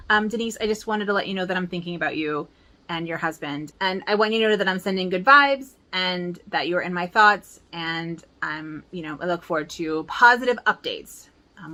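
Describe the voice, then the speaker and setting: A woman's voice: medium pitch, sharp tone. A woman in her forties, chatting casually and rambling a little as she shows her stitching books at home. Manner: chatty, upbeat, rambling with fillers. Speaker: cross-stitch vlogger. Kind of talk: casual chat.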